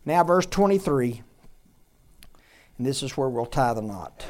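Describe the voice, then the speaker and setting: A man's voice: medium pitch, lively intonation, unhurried, pauses often. Emphatic man preaching a sermon. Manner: emphatic, swings from loud exhortation to quiet asides.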